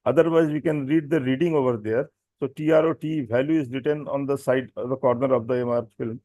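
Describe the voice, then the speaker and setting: Male doctor, Indian English accent, mid-range voice, dry recording; reads a technical talk with frequent pauses and restarts. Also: medium pitch, fairly even intonation, warm tone, no echo. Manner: hesitant, many fillers and self-corrections. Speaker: doctor presenting at a medical symposium. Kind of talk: technical lecture.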